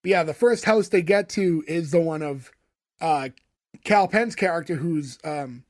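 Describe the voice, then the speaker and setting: A man's voice: on the high side, a little slow. A man co-hosting a podcast, casually recapping a show episode in a rambling way full of fillers. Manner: rambling, filler-heavy retelling of scenes. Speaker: podcast co-host.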